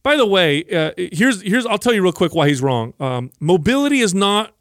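A man's voice: sits high, big pitch swings, moderate pace, fairly bright tone, no room sound, clean studio sound. A man co-hosting a casual fitness podcast, explaining emphatically and correcting misconceptions. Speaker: podcast co-host.

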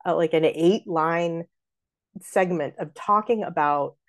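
A woman's voice: on the low side, takes it slowly. A middle-aged woman hosting a podcast, chattily explaining how to speak verse, with lots of fillers. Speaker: podcast host and theater artistic director.

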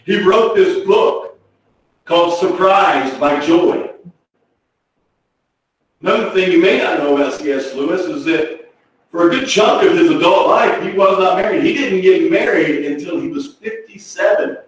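A man preaching a sermon, swinging from hushed, slow phrases to shouted ones. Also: high voice, expressive. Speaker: pastor. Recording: echoey hall from far off.

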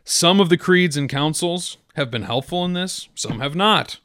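A male podcast host reading from an article and arguing against it in a measured, deliberate way, now and then restarting a phrase. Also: on the high side, animated, fairly bright tone, dry recording, studio quality. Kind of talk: reading and discussing an essay.

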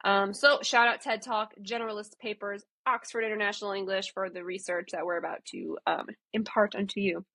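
A woman's voice: mid-range voice, fairly even intonation, brisk, gravelly, hardly any pauses, pushed and bright, slightly rough, no echo. A woman co-hosting a podcast, chatting thoughtfully and sometimes restarting her phrases. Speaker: podcast co-host. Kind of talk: casual podcast chat.

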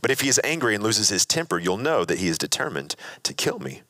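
A man's voice: fairly low pitch, big pitch swings, fast talker, bright, forceful tone, no echo. A man teaching a sermon in a conversational way, retelling and reading a scripture passage aloud with frequent restarts.

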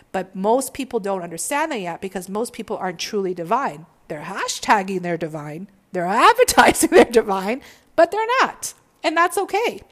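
A woman who works as a spiritual healer, giving an emphatic, slangy motivational monologue laced with swearing. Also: mid-range voice. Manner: emphatic, preachy, profane, slangy.

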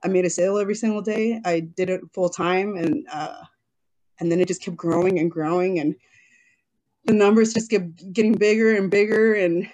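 A woman's voice: mid-range voice, steady tone, normal speed, a little mellow. A woman in her thirties, a business owner being interviewed, talking casually and emotionally, often quoting herself, on a video call. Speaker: guest, jewelry business owner.

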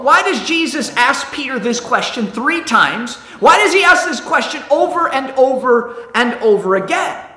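A man's voice: very high voice, bright, forceful tone, roomy sound. A middle-aged man giving a sermon as a pastor, conversational, with restarts and acted-out quotes.

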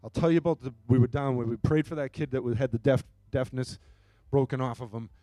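A man preaching a sermon and telling a story, his voice swinging between hushed moments and loud, emphatic bursts. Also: mid-range voice, brisk, no echo. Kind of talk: sermon testimony.

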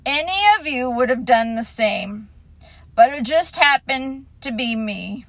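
A woman's voice: a little high, animated, a little slow, fairly bright tone, dry recording. A woman voicing a gloomy, self-pitying old male donkey who makes a pompous, mournful speech.

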